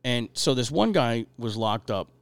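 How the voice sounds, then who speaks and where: A man hosting a podcast, telling stories in a profane, animated, casual way. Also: medium pitch, unhurried, dry recording. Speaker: podcast host.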